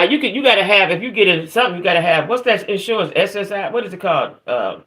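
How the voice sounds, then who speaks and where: Middle-aged woman ranting on her livestream, swearing a lot and fed up, shouting out chat folks by name. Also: medium pitch. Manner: profane, venting, greets chat viewers by name. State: aggravated. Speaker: livestream host. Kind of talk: casual livestream rant.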